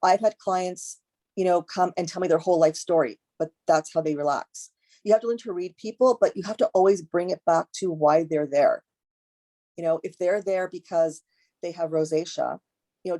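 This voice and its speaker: A woman's voice: lowish voice, brisk, dark tone. A woman esthetician being interviewed, talking emphatically, repeating key words and acting out exchanges with clients. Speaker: guest esthetician. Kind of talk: conversational interview.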